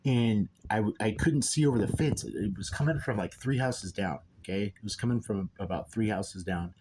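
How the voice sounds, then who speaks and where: A man's voice: fairly low pitch, moderate pace, background noise. A man telling a personal story in a rambling, emphatic way, often checking in with "okay?" and "right?". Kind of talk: casual spoken monologue.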